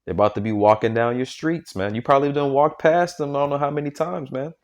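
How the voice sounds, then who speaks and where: Reading scripture and preaching informally, a man speaks at a quick pace in a mid-range voice. He is emphatic and repetitive, often restarting sentences and tagging lines with "man" and "okay?".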